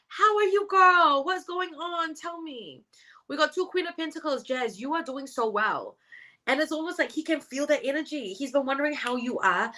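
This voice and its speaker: A woman's voice: a little high, a bit bright. A young woman reading tarot on a live stream, chatting casually and slangily with viewers and swearing now and then.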